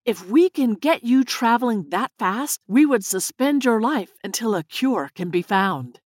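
A woman voicing a calm physicist explaining ideas in a measured way. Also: on the high side, no echo, clean studio sound.

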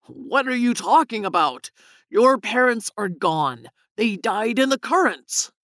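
A woman's voice: fairly high pitch, expressive, measured pace, a bit bright, dry recording. A woman voicing a fearful, evasive male scientist who backpedals as he talks. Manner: backpedaling, hesitant.

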